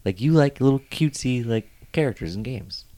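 A man's voice: mid-range voice, fairly quick, a little hiss or hum. A young adult man hosting a casual podcast chat, telling stories with lots of laughter. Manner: animated storyteller, laughs often. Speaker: podcast host.

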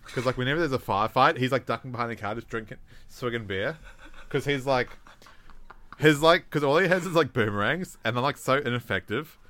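A man's voice: mid-range voice, animated, brisk, a bit bright. A man co-hosting a podcast in casual, swearing, jokey banter. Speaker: podcast co-host. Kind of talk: casual chat.

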